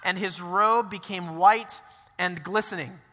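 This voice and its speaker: A male pastor preaching in a high, bright voice, talking through the story like a friendly chat with asides tossed in. His sermon rings out with a long reverb, as in a big church hall. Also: a little slow. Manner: conversational, animated storytelling with asides.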